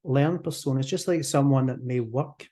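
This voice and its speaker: Appearing as a podcast interviewee, this Scottish man works as a hypnotherapist. He speaks quickly and with animation in a mellow, dark, mid-range voice, sometimes acting out examples in different voices.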